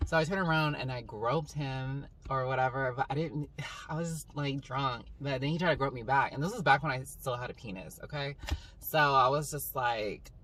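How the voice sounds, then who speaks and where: A young woman telling a story to camera in a casual, rambling vlog style, full of "like" and "um". She tells it in an animated, dramatic way. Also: very deep voice, moderate pace. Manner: rambling, filler-heavy, with 'like' and 'um'. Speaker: vlogger. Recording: slightly distant mic, faint background hum.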